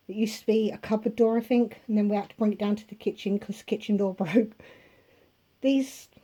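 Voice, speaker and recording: A woman's voice: mid-range voice, mellow. A woman vlogging a grocery haul from her kitchen at home, talking casually and rambling into chatty asides.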